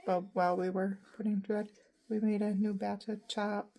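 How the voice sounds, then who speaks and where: A woman's voice: medium pitch, flat delivery, normal speed, dark tone. A woman chatting casually at home with her pet parrots, slipping into sing-song baby talk. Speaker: parrot owner. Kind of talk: casual chat with pet birds. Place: home living room.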